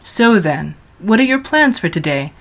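A woman voicing an opinionated, domineering middle-aged father who speaks loudly and indignantly in a storybook reading. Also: medium pitch, sing-song, unhurried. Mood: commanding. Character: blustering opinionated patriarch, middle-aged man.

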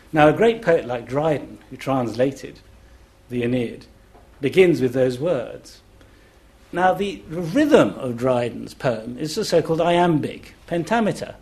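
With a sing-song delivery at a moderate pace, this middle-aged man has a medium-pitched, darkish voice. He's a classics scholar on a festival panel at an indoor live event, giving an enthusiastic lecture-style talk and chanting rhythms aloud in syllables.

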